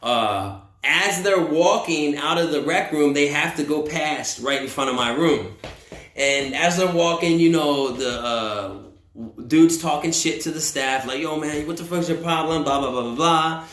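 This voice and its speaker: A man from the United States telling a story in a casual, profane, animated way, acting out what people said. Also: on the high side, measured pace. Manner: profane, animated, acts out quotes. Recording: roomy echo.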